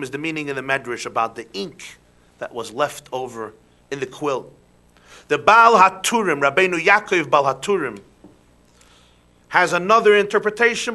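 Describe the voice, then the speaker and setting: Animated rabbi man giving a sermon. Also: high-pitched. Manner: animated, rhetorical questions, drops to soft emphasis.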